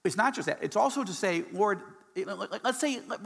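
A man giving a guest talk at a church. He is passionate and animated and often restarts his sentences. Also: high voice, fairly quick, gravelly, breathy edge, long reverb tail. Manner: excitable and animated, many restarts. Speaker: guest speaker.

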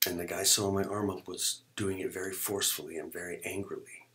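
A middle-aged man with a low voice recounts his own life as a testimony. He tells it dramatically, acts out what people said, and often sinks to a hushed whisper. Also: flat delivery, fast. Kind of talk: personal testimony.

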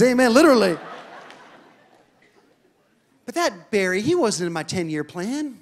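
A male pastor telling a story in a sermon, animated and building to shouted declarations. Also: extremely high pitch, fairly quick, some chatter behind, a little hiss or hum.

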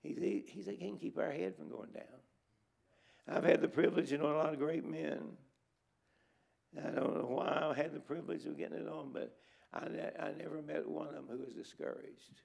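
A man's voice: a little high, steady tone, a little fast, creaky, darkish tone, slightly rough. A middle-aged man preaching an emphatic revival sermon in a church. He exhorts the congregation and drives his points home by repeating words. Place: church sanctuary at a conference.

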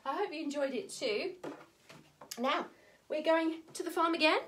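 A woman's voice: sits high, moderate pace, a bit bright. An English woman leading a children's music class, chatting encouragingly and breaking into nursery songs and animal noises. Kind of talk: singing and talking to young children.

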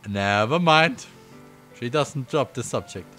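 A man streaming himself reading a visual novel aloud, breaking off into giggly, excitable asides. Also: mid-range voice, slow pace. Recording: faint game music behind.

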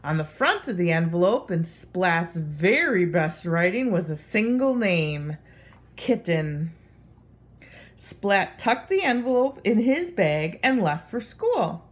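A woman reading a picture book aloud to children. Her voice is sing-song and expressive, with a very lively pitch that rises and falls, and she takes her time over every line. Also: slow.

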